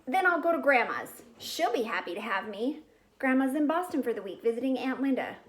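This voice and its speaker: Storybook role: a sulky, defiant boy of about twelve, played by a woman reader; loud and slightly high. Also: animated, brisk.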